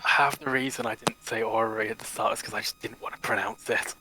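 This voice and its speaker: A man playing a tabletop game, blunt and swearing casually, with a slightly rough throat. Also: fairly low pitch, fairly even intonation, brisk, pushed and bright, slight background noise, poor audio. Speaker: player.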